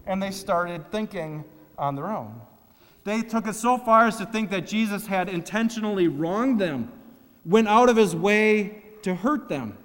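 A man preaching a sermon, reading scripture and swinging between loud, emphatic lines and hushed, drawn-out ones. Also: high-pitched. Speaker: pastor. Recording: long hall reverb.

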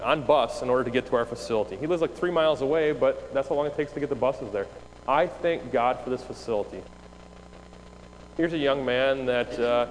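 A youth pastor telling a story to an audience, acting out the dialogue with lots of energy. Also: male voice, mid-range voice. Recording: reverberant hall with faint noise.

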